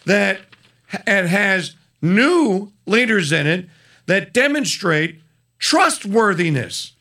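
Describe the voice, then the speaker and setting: A man's voice: high-pitched, sing-song, slow pace, bright, forceful tone. A man hosting a talk radio show, chatting loosely with a guest and trailing off into fillers. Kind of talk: casual talk radio chat.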